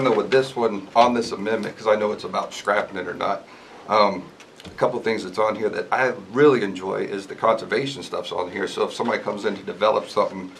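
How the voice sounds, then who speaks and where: A man's voice: fairly low pitch, gravelly, fairly bright tone, a little hiss or hum, poor audio. A man with a Southern US accent giving an earnest, pleading public comment at a town hearing. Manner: earnest, pleading, repeats his point.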